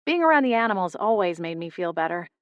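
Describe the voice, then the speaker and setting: A young woman narrating a first-person audiobook in a steady, intimate storytelling manner. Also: lowish voice, quick pace, clean tone, dry recording, lo-fi sound. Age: young adult.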